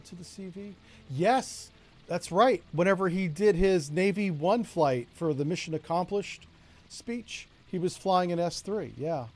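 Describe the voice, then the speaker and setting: A man's voice: sits high, darkish tone. Chatty man with a Florida accent. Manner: chatty, joking asides, talks to chat. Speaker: streamer. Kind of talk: casual gameplay commentary.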